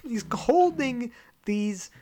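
Animated man on a comedy podcast. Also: very high voice, extremely slow. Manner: animated, playful storytelling. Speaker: podcast host. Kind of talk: casual comedy podcast chat.

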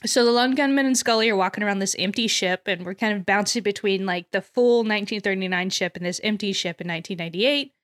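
A woman hosting a podcast in casual chat, recapping scenes with lively energy, laughing often and acting out characters' lines. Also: medium pitch, quick pace, hardly any pauses. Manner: animated, laughs often, acts out quotes. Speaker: podcast host.

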